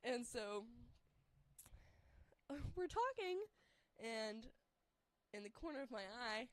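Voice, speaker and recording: A woman's voice: on the high side, lively intonation, slow, no room sound. A young woman telling a story casually, rambling and filling her talk with "like". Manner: rambling, heavy use of "like", laughs through the story.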